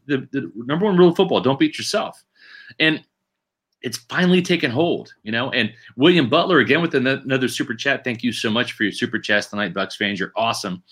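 A man's voice: on the high side, bright, forceful tone. A man hosting a sports podcast, talking emphatically and often checking for agreement with "right?", and thanking viewers for donations. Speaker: podcast host. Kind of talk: casual sports podcast chat.

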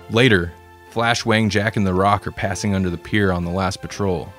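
A man reading a comedic story aloud in a relaxed way, with dry asides. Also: deep voice, a little slow, long pauses, faint music behind. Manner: relaxed, self-deprecating asides.

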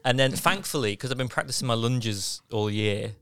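A man's voice: medium pitch, moderate pace, a bit bright, clean tone, no echo. A British man co-hosting a podcast, telling a rambling anecdote with self-mocking asides. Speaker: podcast co-host. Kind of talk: casual storytelling chat. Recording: dry close-miked studio sound.

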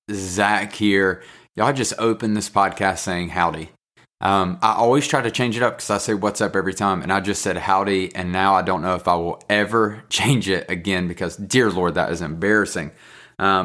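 Male podcast host, North Carolina accent, deeper voice, heartfelt and encouraging, casual solo talk. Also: fairly even intonation, normal speed, a bit bright. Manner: earnest, encouraging, openly emotional.

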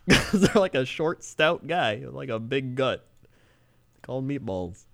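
Laughing podcast host, lively voice. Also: male voice, medium pitch, slow pace, gravelly. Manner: laughs often, slips into loud mock Chicago sports-fan voices. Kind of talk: casual podcast chat.

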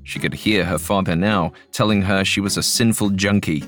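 Low-voiced man narrating a horror story. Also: steady tone, moderate pace, fairly bright tone. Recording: faint music bed.

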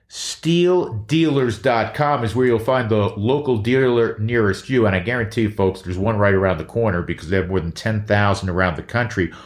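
A man hosting his own podcast, reading ads and chatting in an energetic, emphatic way that repeats key phrases. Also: mid-range voice, roomy sound. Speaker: podcast host. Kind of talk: casual chat and live ad reads.

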